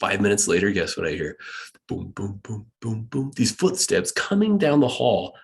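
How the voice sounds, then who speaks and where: A man presenting a motivational talk at a school event, lively and acting out quoted voices. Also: lowish voice, moderate pace, creaky.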